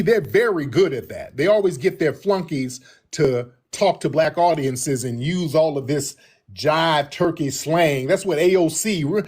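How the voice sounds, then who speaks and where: A man giving political reaction commentary in an emphatic, animated way, often repeating himself for effect. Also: on the high side, slightly rough.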